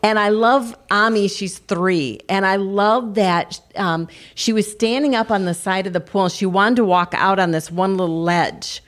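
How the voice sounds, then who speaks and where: An older woman speaks with earnest, encouraging warmth, weaving family anecdotes into spiritual advice. Her voice sits at an ordinary middle pitch for a woman. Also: unhurried, few pauses. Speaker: co-host of a Christian talk show. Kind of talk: devotional encouragement.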